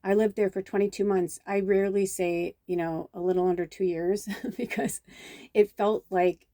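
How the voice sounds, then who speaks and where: A middle-aged woman from Chicago tells a long personal story in a casual vlog, wandering off on tangents. Her voice is warm and relaxed. The sound is dry and close, with almost no room echo. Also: medium pitch, moderate pace. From Chicago, USA. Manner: rambling and digressive, with casual swearing; acts out quoted dialogue with lively reactions. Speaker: spiritual medium.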